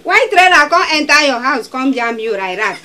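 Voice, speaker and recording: High-pitched pleading Nigerian woman. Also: very animated, moderate pace, sharp tone, a little hiss or hum. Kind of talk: Nollywood comedy acting in Pidgin.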